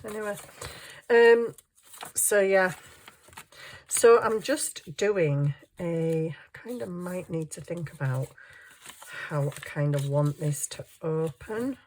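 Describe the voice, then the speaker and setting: A woman's voice: lowish voice, lively intonation, takes it slowly, darkish tone, a little hiss or hum. A woman crafting at her home desk, thinking aloud in a rambling, self-mocking way with frequent chuckles. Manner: chuckles often while working. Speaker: craft journaling vlogger. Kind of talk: casual crafting chat.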